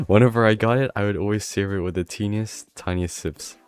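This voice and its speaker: A man reading the lines of a cheerful, wide-eyed girl soldier, a little higher and warmer than his usual talk, eager and reminiscing. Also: very animated, brisk, clean tone, no room sound, faint music behind. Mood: nostalgic.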